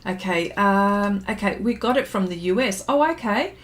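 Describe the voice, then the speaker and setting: During an art livestream, a middle-aged woman talks at a moderate pace in an expressive, medium-pitched voice. Her chat while drawing and reading comments wanders into memories, peppered with fillers and laughs.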